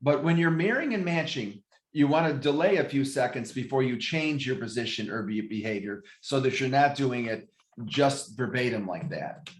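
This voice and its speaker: A man giving a real estate training lesson, his voice at an ordinary middle pitch. He explains his points step by step, with fillers and frequent restarts. The room around him is echoey. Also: animated, normal speed. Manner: explanatory, with fillers and self-corrections. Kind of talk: classroom training talk.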